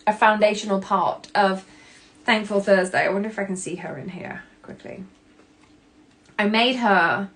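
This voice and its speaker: Woman in her 30s doing a self-help podcast, candid, swears a bit, middle pitch. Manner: candid and expressive, swearing casually, acting out her own past reactions. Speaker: podcast host.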